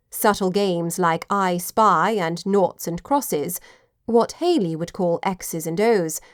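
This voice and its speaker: Reading scripted narration for an audiobook, a female narrator keeps a measured, storytelling delivery. Her voice runs on the low side, captured at studio quality with no echo.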